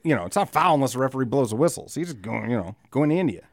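Man, podcast co-host, casual chat, rambling, profane, very lively pitch, dry sound. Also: rapid-fire, no room sound. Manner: rambling, profane, laughs often.

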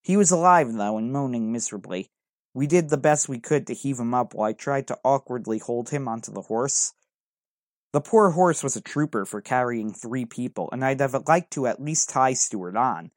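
A man narrates a first-person adventure in an earnest, dramatic reading voice. His pitch sits in the middle for a man. The recording is dry and close, with no room echo. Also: animated, moderate pace.

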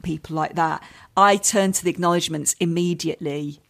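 A woman's voice: on the low side, steady tone, a little fast, vocal fry, a bit bright. An English woman in her forties, a comedian and author chatting as a podcast guest, laughing often and poking fun at herself. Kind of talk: casual podcast chat.

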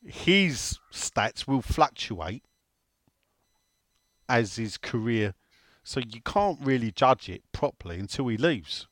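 A man's voice: mid-range voice, very animated, takes it slowly, long pauses, a bit bright, dry recording. A man co-hosting a casual podcast, teasing his co-host and reading out listener questions. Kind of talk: casual chat.

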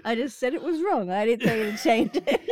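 Playful female co-host, bouncy slow delivery, dry sound. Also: fairly high pitch, a little mellow, dry recording. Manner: teasing, laughs often. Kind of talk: casual chat.

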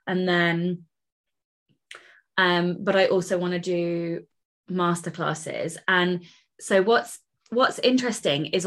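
A woman co-hosting a casual podcast, thinking aloud in quick bursts with restarts. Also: lowish voice, a bit bright. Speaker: podcast co-host, author.

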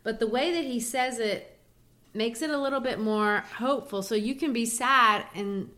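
A woman's voice: a little high, normal speed, bright, forceful tone. A woman co-hosting a casual educational chat, explaining poetry in a teacherly way with frequent restarts.

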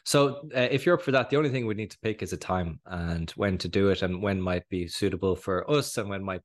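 An Irish man co-hosting a podcast in casual chat, slightly hoarse from a cold, rambling and laughing often. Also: low voice, brisk. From Ireland. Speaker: podcast co-host.

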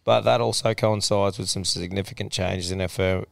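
A man's voice: low-pitched, fairly even intonation, moderate pace, creaky, no echo. A man co-hosting a podcast, chatting in a laid-back, sweary way. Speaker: podcast co-host. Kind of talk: casual chat.

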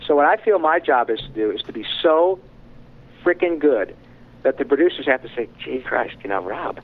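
A middle-aged voice actor telling frank, animated stories in an interview. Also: male voice, a little high, brisk. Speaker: voice actor guest. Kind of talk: candid storytelling in conversation. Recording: tinny phone-like line.

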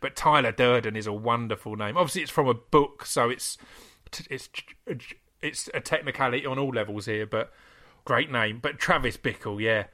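A man, co-hosting a casual chat, enthusiastic and quick with asides. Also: mid-range voice, pushed and bright. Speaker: podcast co-host.

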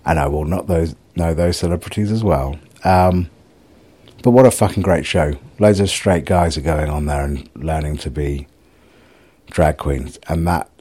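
Deep-voiced, husky man, middle-aged, for a rambling, sweary solo vlog. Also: measured pace, warm tone. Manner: rambling, self-mocking, sweary. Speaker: vlogger. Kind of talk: casual solo video diary.

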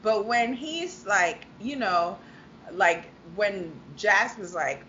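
Woman co-host, emphatic, swears, bright tense voice, dull lo-fi with faint hiss. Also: medium pitch, animated, slow pace. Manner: emphatic, swears freely, acts out quotes. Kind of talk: casual reality-TV recap chat.

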